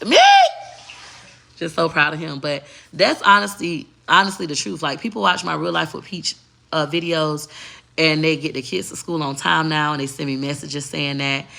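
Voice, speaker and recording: A woman's voice: low-pitched, gravelly, sharp tone. A middle-aged woman vlogging in brash, emphatic casual talk, repeating her points.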